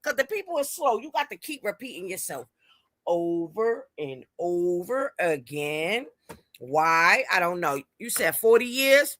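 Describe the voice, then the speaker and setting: A woman's voice: medium pitch, very animated, measured pace, no room sound. Emphatic woman hosting a livestream. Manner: greets viewers warmly by name; emphatic, repeats words for stress. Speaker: livestream host. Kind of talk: casual live-stream chat.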